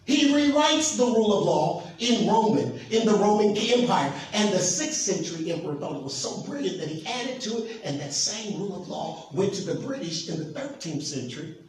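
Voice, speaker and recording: A pastor preaching a sermon, emphatic and asking the congregation questions. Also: male voice, high voice, very animated, normal speed, few pauses. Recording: echoey hall from far off, faint noise.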